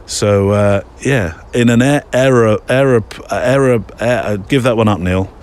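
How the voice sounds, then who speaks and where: A man's voice: lowish voice, unhurried, a little mellow. A middle-aged man hosting a photography podcast in a casual, rambling, self-deprecating way, with many fillers. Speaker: podcast host. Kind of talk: casual chat.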